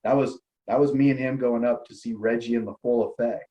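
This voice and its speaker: A man's voice: mid-range voice, steady tone, brisk, dark tone, muffled recording. A man telling stories in a casual chat, swearing freely and laughing often. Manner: loose storytelling with lots of swearing and laughter. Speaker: guest.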